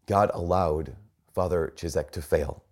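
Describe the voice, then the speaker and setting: A priest with a fairly low male voice delivers a homily. He tells the story earnestly and leans hard on the key phrases. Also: measured pace.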